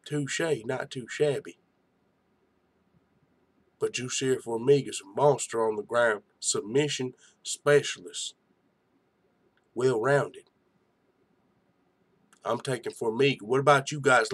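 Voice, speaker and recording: A man's voice: medium pitch, slow, pauses often, breathy edge. A young man hosting a live fight-night stream, giving hyped, slangy reaction commentary and chatting with viewers.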